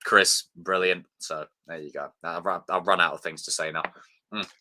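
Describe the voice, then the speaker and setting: A man's voice: sits low, steady tone, moderate pace, pushed and bright. A young man hosting a live stream, chatting loosely, swearing and thanking viewers by name. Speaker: livestream host. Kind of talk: casual live stream sign-off chat.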